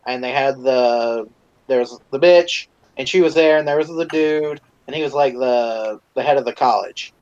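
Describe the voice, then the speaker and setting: A man's voice: medium pitch, muffled recording. A man co-hosting a podcast, telling crude stories in a rambling casual way, swearing a lot and restarting his sentences often. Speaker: podcast co-host.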